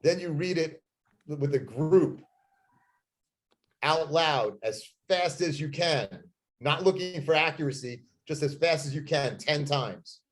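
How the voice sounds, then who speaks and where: A man's voice: fairly high pitch, a little slow. Man, real estate agent, sales talk, intense, emphatic, plain-spoken.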